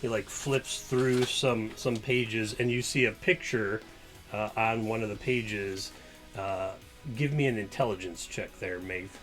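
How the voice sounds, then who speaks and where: A man's voice: on the low side, measured pace, a bit bright, faint music behind. A man acting as game master, narrating in a loose, laughing way with lots of fillers.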